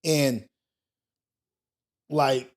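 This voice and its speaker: A man hosting a morning talk show, thinking out loud in a loose, profane way with many restarts. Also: mid-range voice, fairly even intonation, drawn-out words. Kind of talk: casual talk show commentary.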